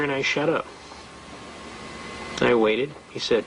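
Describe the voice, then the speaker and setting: A man telling a court story in a fast, folksy way, acting out the dialogue. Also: medium pitch, fairly even intonation, a little hiss or hum, low-quality recording. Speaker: speaker recounting a traffic court case. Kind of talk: storytelling talk.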